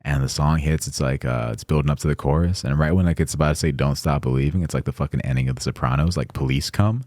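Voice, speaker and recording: A man's voice: rumbling low, fast, dry recording, studio quality. A young man telling stories casually on a podcast, swearing freely and acting out the voices of the people he quotes. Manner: animated storyteller, swears freely, acts out quotes. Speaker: podcast guest. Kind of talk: casual storytelling chat.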